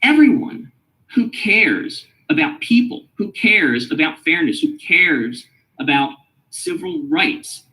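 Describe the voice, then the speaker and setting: A man giving a lecture on a radio show. He stresses key phrases and spells out and repeats details slowly. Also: sing-song, bright, forceful tone, poor audio. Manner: emphatic, rises high on stressed phrases. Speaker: lecturer hosting a radio lesson series.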